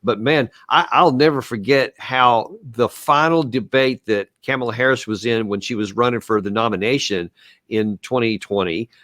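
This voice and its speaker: A man hosts a political interview show in an earnest, questioning way. He sometimes stumbles over repeated words as he starts a thought. His voice is mid-pitched and recorded dry and close. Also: normal speed, a bit bright, no room sound. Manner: earnest, questioning, some stammered restarts. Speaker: podcast host. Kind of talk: conversational interview hosting.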